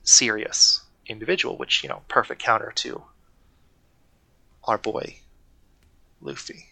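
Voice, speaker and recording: Gravelly, bright-voiced man chatting eagerly. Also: lowish voice, fairly even intonation, measured pace. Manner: enthusiastic, rambling, self-correcting. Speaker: podcast co-host. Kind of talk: casual podcast chat.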